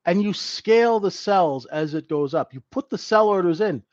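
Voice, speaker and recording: A man's voice: high-pitched, lively intonation, moderate pace, darkish tone, dry recording, dull audio. A man teaching a live trading class in a conversational way, who keeps checking in with "right?". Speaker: trading instructor.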